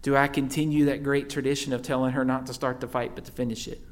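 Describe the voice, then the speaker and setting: A man preaching a sermon, casual and conversational, often checking in with his listeners with "right?". His voice sits at an ordinary middle pitch. He swings from lively, louder emphasis down to soft, hushed asides. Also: fast. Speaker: pastor.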